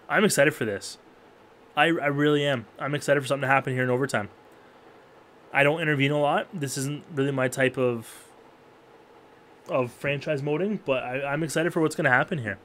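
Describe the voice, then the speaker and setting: A man calls a hockey video game play by play in a voice of ordinary, middle pitch. He shouts up high at big moments, drops to quiet grumbles between them, and talks straight to the players on screen. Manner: jumps to loud, high-pitched yelling at big plays, then drops to low mutters. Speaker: gaming YouTuber.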